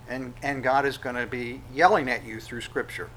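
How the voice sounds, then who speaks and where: A man preaching a sermon, conversational, with sudden loud acted-out quotes. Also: mid-range voice, brisk, low-quality recording. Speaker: pastor.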